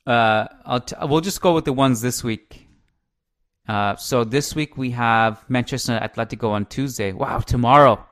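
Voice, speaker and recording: A man in his thirties hosting a casual podcast, chatty and quick to laugh, thinking out loud. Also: medium pitch. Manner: chatty, laughs easily, thinks aloud with restarts. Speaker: podcast host. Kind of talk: casual chat.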